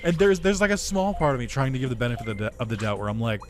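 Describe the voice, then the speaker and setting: Male gaming host, rambling sarcastic storyteller, mid-pitch, game music clearly under the voice. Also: sing-song, racing. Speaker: gaming YouTuber. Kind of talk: casual storytelling while playing a game.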